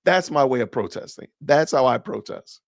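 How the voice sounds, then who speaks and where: A man's voice: medium pitch, expressive, normal speed, vocal fry, no echo, clean studio sound. A man hosting a podcast, reacting to a clip with incredulous, sarcastic rhetorical questions. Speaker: podcast host. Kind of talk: reaction commentary.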